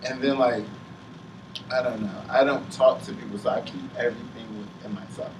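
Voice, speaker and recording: A young man talking openly in a group chat, halting and full of fillers, close to tears. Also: medium pitch, fairly even intonation. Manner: heavy use of "like", halting, on the verge of tears. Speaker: panelist. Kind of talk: emotional casual chat. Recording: roomy sound from a distant mic with faint noise.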